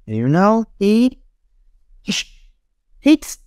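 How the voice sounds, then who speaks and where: Slow, animated woman teaching kids English. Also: medium pitch, smooth, clean studio sound. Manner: animated, repeats words for children to echo, laughs. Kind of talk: classroom drilling lesson.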